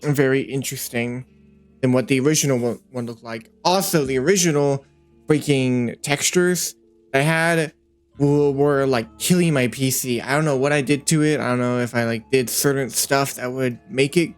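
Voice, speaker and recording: Man, casual work narration, rambling, fillers, playful, middle pitch, faint music. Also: moderate pace. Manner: rambling, thinking aloud, frequent fillers; easily excited, playful. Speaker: 3D animator and creator.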